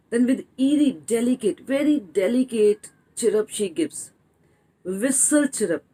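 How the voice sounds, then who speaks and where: Indian english lady teacher explaining a poem, warm mellow voice, keeps saying okay. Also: medium pitch, rough recording. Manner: explains slowly, repeating words and adding "okay".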